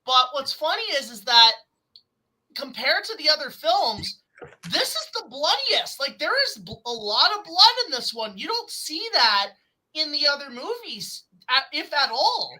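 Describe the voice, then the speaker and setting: High, very bright woman, excitable film reviewer, casual. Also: measured pace, low-quality recording. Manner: excitable, enthusiastic, swears casually.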